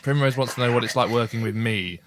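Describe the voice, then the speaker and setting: A man's voice: mid-range voice, quick pace, fairly bright tone, a little hiss or hum. A man hosting a family podcast, asking friendly questions and laughing along with his guest. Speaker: podcast host, a father. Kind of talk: casual interview chat.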